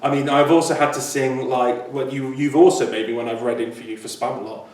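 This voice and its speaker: A man's voice: mid-range voice, fairly even intonation, brisk, darkish tone. A man with an English accent co-hosting a podcast, chatting casually and joking at his own expense. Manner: chatty, self-mocking. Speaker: podcast co-host. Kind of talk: casual chat. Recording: echoey room, distant mic.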